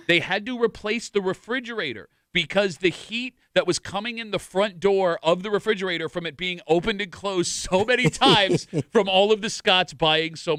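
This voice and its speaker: Bright, chatty male radio host. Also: high voice, smooth, no echo, studio quality. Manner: chatty, incredulous storytelling. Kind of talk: radio show banter. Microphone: studio mic.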